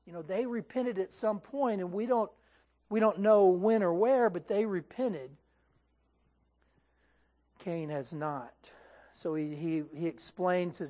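A male pastor preaching a sermon in a lively, conversational way, often checking in with his listeners and restarting his phrases. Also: high voice, slow pace, pauses often.

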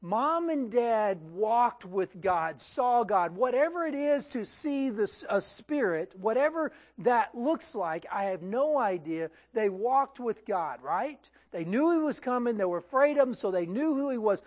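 A male pastor preaching a sermon in a lively, conversational way, often checking in with his listeners and restarting his phrases. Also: extremely high pitch, unhurried, few pauses.

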